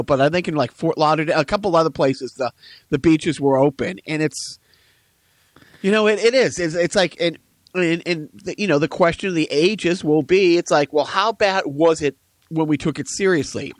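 Podcast co-host, male, slightly higher voice, loose rambling delivery, dry sound. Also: normal speed, no echo. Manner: rambling, animated, with asides and laughs. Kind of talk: casual podcast chat.

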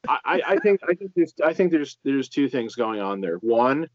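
A man's voice: medium pitch, big pitch swings, moderate pace, no room sound. A man co-hosting a casual podcast about films, rambling with many fillers and restarts. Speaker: podcast co-host. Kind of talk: casual film discussion. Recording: slightly dull lo-fi audio.

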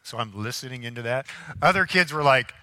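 Preacher with a bright voice in a reverberant hall. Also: male voice, medium pitch, a little fast. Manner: animated storytelling, acting out people in anecdotes. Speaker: pastor. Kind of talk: sermon.

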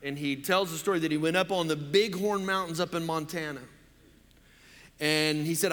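A pastor from Oklahoma preaching a sermon in a chatty, joking way, full of casual fillers. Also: male voice, fairly high pitch, steady tone, normal speed, fairly bright tone, long reverb tail. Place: church.

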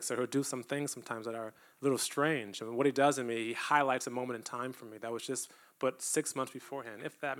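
A man's voice: mid-range voice, a bit bright. A man giving a testimony-style sermon to a church, talking earnestly and conversationally and at times building up to emphatic preaching. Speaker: church speaker.

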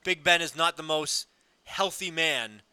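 A man's voice: a little high, unhurried, bright, forceful tone, clean tone, no room sound. A man co-hosting a casual sports radio show, blunt and wry, telling stories.

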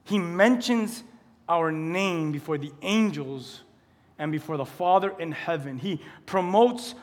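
Speaking a little slowly, this pastor preaches in a conversational style and keeps posing questions to the congregation. His fairly high male voice echoes with the long reverb of a big church hall.

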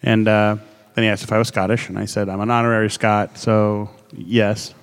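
A man's voice: lowish voice, flat delivery, brisk, clean tone, long reverb tail. A man co-hosting a casual podcast, joking around, swearing and telling anecdotes. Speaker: podcast co-host. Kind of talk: casual banter.

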